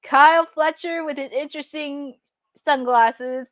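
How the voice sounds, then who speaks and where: A woman hosting a live watch-along, chatting excitably and laughing often as she reacts to the action. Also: high voice, unhurried, no room sound, lo-fi sound. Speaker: host.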